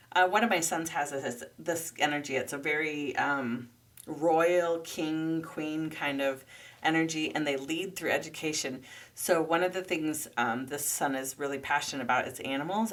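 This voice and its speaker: Low woman host, explaining, pauses to check herself, mic a bit far off. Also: fairly bright tone. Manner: thoughtful, pauses to check details. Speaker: podcast host and teacher. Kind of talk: explanatory talk.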